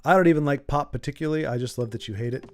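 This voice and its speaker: Racing along in a medium-pitched voice, a man streams a video game and chats with his viewers. His live-stream talk is casual, joking, and rambling.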